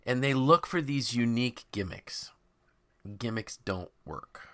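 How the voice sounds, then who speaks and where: A man hosting a podcast, talking in an emphatic, animated way and voicing imagined people's quotes. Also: mid-range voice, a little slow. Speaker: podcast host and author. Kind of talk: conversational podcast discussion.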